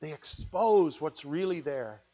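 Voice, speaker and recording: A high-voiced man delivers an earnest sermon, rising to loud appeals and then dropping to hushed words. The recording sounds dull and lo-fi. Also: animated, slow. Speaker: pastor.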